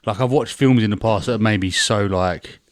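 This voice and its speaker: A man's voice: fairly low pitch, a little fast, no echo, clean studio sound. A man co-hosting a comedy podcast, rambling and joking about his fears. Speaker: podcast co-host. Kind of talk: casual comedic chat.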